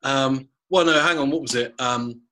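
A man's voice: mid-range voice, normal speed, sharp tone. A man co-hosting a casual podcast chat, with a dry manner, who reads short comic poems aloud. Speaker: podcast co-host.

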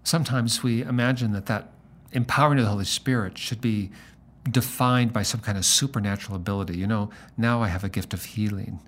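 A middle-aged man, a pastor, talking in a relaxed conversation and telling a story, acting out the lines of the people in it. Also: on the low side, fairly quick. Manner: animated storyteller acting out dialogue. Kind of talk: conversational storytelling in a podcast interview.

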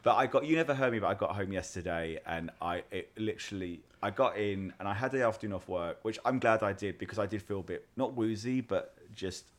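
An English man in his late thirties, co-hosting a casual chat podcast, telling animated stories and laughing at them. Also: lowish voice, fairly quick, few pauses. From England. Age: 30s. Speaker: podcast co-host.

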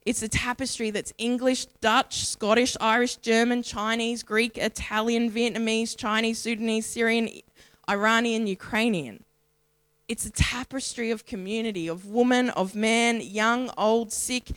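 A woman's voice: fairly high pitch, no room sound. Australian woman giving a rhythmic sermon. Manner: rhythmic, listing with measured pauses. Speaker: speaker at a church. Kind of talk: sermon-style spoken reflection.

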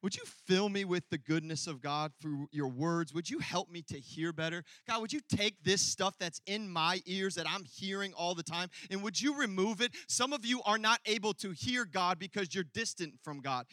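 A male pastor preaching a sermon, telling a personal story and building from quiet asides to loud, emphatic peaks. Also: high voice, lively intonation, a little fast, hardly any pauses, no echo.

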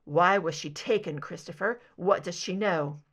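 A woman's voice: lowish voice, moderate pace, lightly acted. A woman reading fan fiction aloud, voicing a defiant male FBI agent in a clipped, confrontational way.

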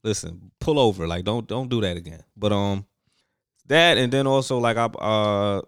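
A man's voice: lowish voice, normal speed, a bit bright, clear, resonant tone, dry recording, clean studio sound. A young man hosting a podcast, telling stories in casual chat, loose and full of slang and fillers. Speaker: podcast host.

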